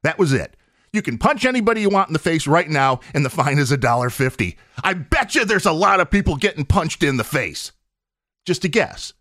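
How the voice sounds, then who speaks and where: Emphatic man, lively pitch. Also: brisk, dry recording, clean studio sound. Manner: emphatic, argumentative, rhetorical questions. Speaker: podcast host. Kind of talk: opinionated solo podcast monologue.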